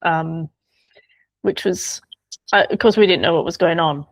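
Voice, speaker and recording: A woman author recalling a friend in a relaxed interview, chatty and quick to laugh. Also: lowish voice, gravelly, dry recording. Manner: chatty, laughs often, trails off and restarts. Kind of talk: conversational interview.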